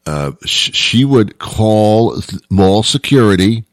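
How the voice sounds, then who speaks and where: A man with a lowish, animated voice takes it slowly, barely pausing, in a clean studio recording with no room sound. Hosting his own show, he rambles through a self-deprecating comic monologue full of stumbles and restarts.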